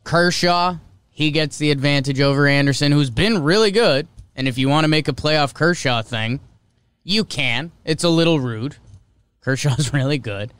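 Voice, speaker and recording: Casting: young male podcast host, chatty sports takes, smooth clear voice, dry close sound. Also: fairly high pitch, fairly bright tone, no room sound. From American North. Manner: chatty, opinionated, quick asides. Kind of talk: casual sports talk.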